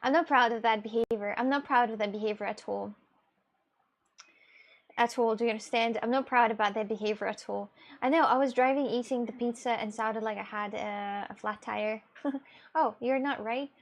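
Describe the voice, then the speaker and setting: A woman's voice: fairly high pitch, fairly even intonation, normal speed. A young woman chatting bluntly and rambling on a live stream, reading out chat messages and laughing often.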